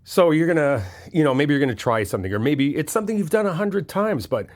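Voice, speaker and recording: Male best friend for a comfort audio, animated and frank, casual swearing, reassuring. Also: a little high, fast. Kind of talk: comfort audio role-play.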